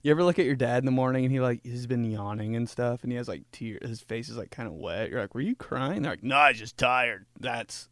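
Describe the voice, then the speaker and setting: A man's voice: mid-range voice, quick pace, few pauses, darkish tone. A young man hosting a casual comedy podcast, rambling and laughing as he tells stories. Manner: rambling, laughing, fond of voices. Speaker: podcast host.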